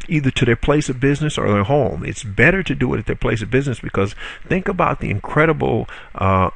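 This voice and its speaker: A man with a gravelly, creaky voice walks viewers through a marketing tutorial, recorded dry with no room sound. He talks casually, stumbles over fillers and corrects himself, and keeps pitching rhetorical questions at the audience. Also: fairly bright tone, no echo. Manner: conversational, frequent "uh" fillers and self-corrections. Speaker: online marketing instructor. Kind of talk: spoken video tutorial.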